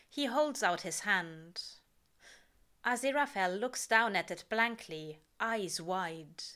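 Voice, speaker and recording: Slow, calm woman reading a story. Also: medium pitch. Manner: measured, calm narration. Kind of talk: reading fan fiction aloud.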